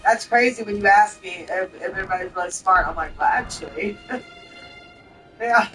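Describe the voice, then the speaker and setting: A woman's voice: medium pitch, moderate pace, a bit bright, far from the mic, faint music behind, low-quality recording. A woman in her thirties with a Southern US twang, chatting casually and bluntly while playing a game, laughing often. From southern United States. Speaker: gaming streamer.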